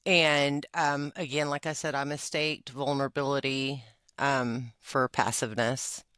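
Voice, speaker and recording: A woman's voice: a bass voice, little pitch movement, measured pace, a bit bright, clean tone, dry recording, clean studio sound. A woman, openly sharing personal feelings in a podcast conversation, full of fillers and laughs. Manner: emotional, confessional, with frequent fillers and laughs. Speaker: podcast co-host.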